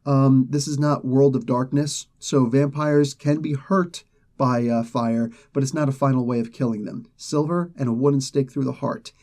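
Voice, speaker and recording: Guy rambling thru a comic story, mellow darkish voice, acts out bits of dialogue. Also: mid-range voice, steady tone, normal speed. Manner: loose, rambling retelling with acted quotes. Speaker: comic book reviewer. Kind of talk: casual comic recap.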